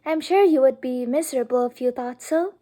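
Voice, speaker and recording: Gushing young lady voiced by a woman, breathless exclamations, high voice, mellow tone. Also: brisk.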